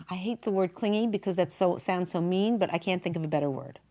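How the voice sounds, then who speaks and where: Woman hosting a talk show, kinda low voice, chatty and emotional, lots of "like" and "you know". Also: fast, dark tone. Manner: chatty, emotional retelling with many fillers. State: near tears.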